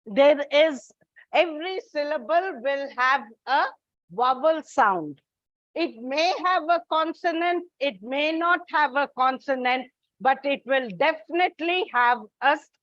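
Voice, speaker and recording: Woman teacher, high voice, unhurried explanations, dull lo-fi recording. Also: fairly bright tone, no room sound. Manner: slow, deliberate explaining with spelled-out examples. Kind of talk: classroom English lesson. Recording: dull lo-fi sound.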